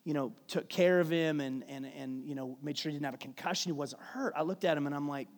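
A man's voice: on the high side, steady tone, fairly quick. A man preaching a sermon, telling a family story in a conversational way with frequent restarts. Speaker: pastor. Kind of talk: sermon with personal stories. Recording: long hall reverb.

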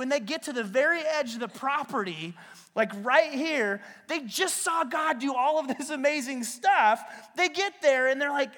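A man preaching a sermon as a pastor, retelling scripture as a lively, slangy story. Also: very high-pitched, moderate pace. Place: church sanctuary. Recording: long hall reverb in a church.

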